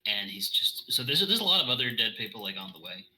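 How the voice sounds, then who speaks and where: A male game master narrates a tabletop session in a very bright, crisp voice. He rambles loosely and restarts his sentences as he goes. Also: lowish voice, very animated, fast talker, low-quality recording.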